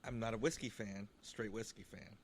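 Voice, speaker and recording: A man's voice: fairly low pitch, fairly even intonation, normal speed, slight background noise. A man co-hosting a casual podcast chat, laughing often and restarting his sentences. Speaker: podcast co-host.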